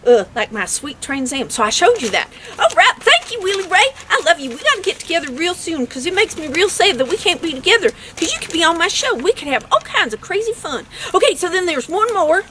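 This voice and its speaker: A woman's voice: very high-pitched, sing-song, fairly quick, few pauses, background noise. A woman hosting her own comedy show to camera, gushing and childlike, squealing with delight. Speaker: web show host. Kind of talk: bubbly comedic chat to camera.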